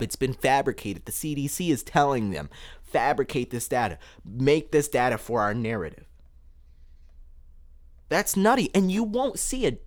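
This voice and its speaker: Excitable, animated male podcast host. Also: fairly high pitch. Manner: excitable, emphatic, repeats words for effect. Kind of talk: solo podcast commentary. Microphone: podcast microphone.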